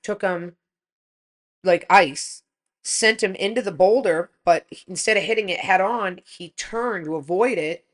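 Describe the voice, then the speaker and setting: A woman in her forties, a podcast co-host, telling an animated story in casual chat and swearing freely. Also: lowish voice.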